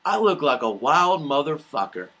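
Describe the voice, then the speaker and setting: A man's voice: fairly high pitch, big pitch swings, normal speed, pushed and bright. A man ranting animatedly in a solo vlog, swearing often and mocking other people's voices, recorded on a webcam indoors. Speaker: vlogger. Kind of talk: rambling solo vlog rant.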